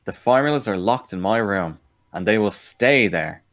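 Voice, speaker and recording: A man voicing a calm, self-assured lead scientist in a comic read-aloud, measured and earnest. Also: lowish voice.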